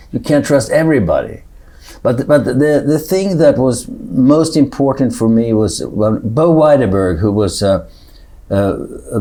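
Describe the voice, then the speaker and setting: A man in his seventies with a Swedish accent talks through his thoughts on a podcast. His voice sits low and dark, and he keeps stumbling, restarting and repeating small words as he searches for the right phrasing. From Sweden. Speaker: guest actor. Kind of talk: podcast interview.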